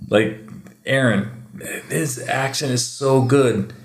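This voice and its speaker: A man chatting casually and telling animated stories, sometimes slipping into mimicked accents. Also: medium pitch, slow pace. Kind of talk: casual chat. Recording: echoey room.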